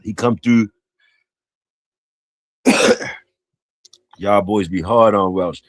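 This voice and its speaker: A man's voice: fairly low pitch, extremely slow, dry recording. A man hosting a casual livestream, talking in slangy, profane, repetitive banter to his chat and guests. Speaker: livestream host.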